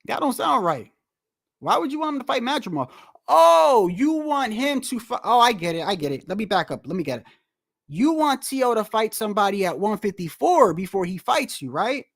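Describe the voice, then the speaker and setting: Male boxing commentator, high voice, heated profane rant, full of rhetorical questions. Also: big pitch swings, moderate pace, gravelly, fairly bright tone. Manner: profane, slangy. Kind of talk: casual rant to the audience.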